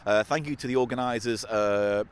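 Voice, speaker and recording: A man's voice: on the low side, moderate pace, clear, resonant tone. A man hosting a comedy podcast, playful and jokey in casual banter.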